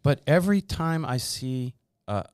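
A man's voice: mid-range voice, expressive, measured pace, a little mellow, clean tone, no room sound. Guy cohost teasing the others, mid voice, dry mic, laughs a lot. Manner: teasing, laughs easily, repeats himself. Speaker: podcast co-host. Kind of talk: casual live Q&A banter.

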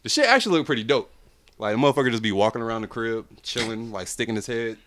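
A man's voice: medium pitch, lively intonation, fast, a bit bright, a little hiss or hum. A man co-hosting a podcast, telling stories in a laid-back, profane way. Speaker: podcast co-host. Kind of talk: casual chat.

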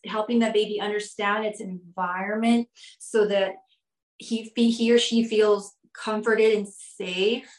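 A woman's voice: fairly high pitch, echoey room, low-quality recording. A woman guest on a podcast interview, explaining her points through strings of rhetorical questions. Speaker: guest expert.

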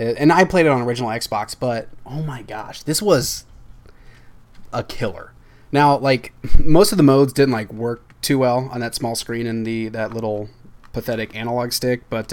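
Excitable rambling young man. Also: mid-range voice. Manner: excitable, rambling, laughs often. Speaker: podcast host. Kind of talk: casual chat.

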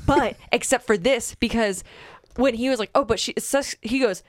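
A woman's voice: fairly high pitch, moderate pace, hardly any pauses, no echo, clean studio sound. A young woman co-hosting a casual podcast, telling a story with lots of laughter and acted-out quotes. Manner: chatty storyteller, laughs often, acts out quotes. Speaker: podcast co-host. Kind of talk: casual chat.

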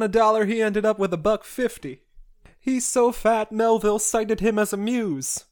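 A podcast host walks through a long classic novel in a loose comedic recap. The delivery is mid-pitched and chatty, and it breaks off often for sarcastic asides and roast jokes. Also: moderate pace.

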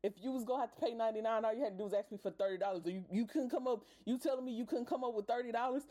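A woman's voice: fairly high pitch, very fast, few pauses, dark tone. A woman hosting a podcast, ranting casually and profanely with exasperated bursts of laughter. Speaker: podcast host.

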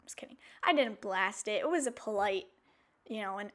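A woman hosting a podcast, telling personal stories in a casual, animated way, with playful asides and mock outrage. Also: mid-range voice, normal speed. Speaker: podcast host. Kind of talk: casual chatty monologue.

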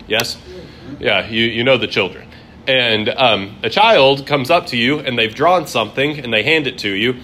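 A man's voice: medium pitch, sharp tone, slight background noise. A man teaching a classroom Bible lesson in a conversational way, acting out quoted voices.

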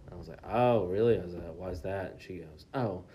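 A man's voice: sits low, steady tone, quick pace, mellow, slight background noise. A young man co-hosting a casual podcast, telling a story with lots of swearing and acted-out quotes. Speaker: podcast co-host.

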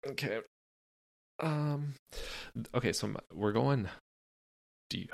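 A man's voice: medium pitch, slow, vocal fry, dry recording. A young man co-hosting a podcast, rambling loosely and cracking crude jokes. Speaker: podcast co-host. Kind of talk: casual chat.

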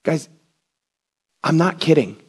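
High-voiced preaching pastor, fervent. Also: male voice, animated, takes it slowly, breathy edge. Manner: conversational and emphatic, rising to passionate shouts. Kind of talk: sermon.

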